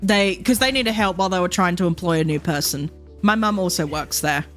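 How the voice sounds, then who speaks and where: A woman's voice: on the low side, brisk, faint music behind. A woman, telling rambling stories in a casual chat with her viewers, swearing freely and laughing often. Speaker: VTuber streamer.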